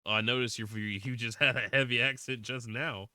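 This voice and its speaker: Bright-toned Southern drawl man streamer. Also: medium pitch, steady tone, a little fast, clean tone, no echo. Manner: rambling, restarts often, reads chat aloud. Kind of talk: casual live-stream chat while playing.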